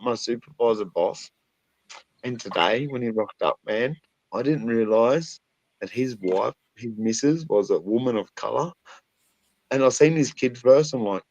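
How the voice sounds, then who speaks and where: A man with an Australian accent telling crude stories in a casual chat, loud and often laughing. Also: mid-range voice, no room sound, muffled recording.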